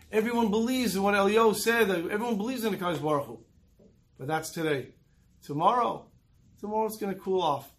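Animated high-voiced man telling a Torah lesson. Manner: animated storyteller acting out quotes. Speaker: Torah teacher.

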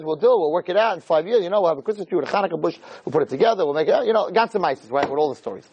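A man giving a weekly Torah talk as a lively, chatty storyteller who drops in Hebrew terms. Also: on the high side, rapid-fire, breathy edge, low-quality recording. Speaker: Torah lecturer.

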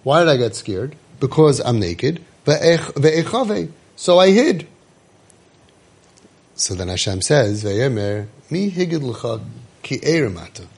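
Lively, slightly husky man teaching Torah. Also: mid-range voice, slow. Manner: animated, asks rhetorical questions, mixes Hebrew quotes with English. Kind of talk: Torah class lecture.

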